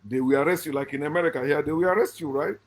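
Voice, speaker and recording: A middle-aged man from Africa, hosting a channel, delivering an emphatic spoken commentary that swings from loud, high bursts to low muttered asides and often restarts his sentences. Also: rapid-fire. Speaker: channel host.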